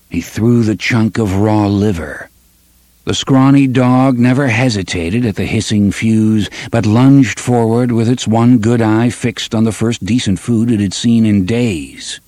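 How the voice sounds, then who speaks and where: A man narrating an audiobook with an expressive, varied delivery. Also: fairly low pitch, dry recording.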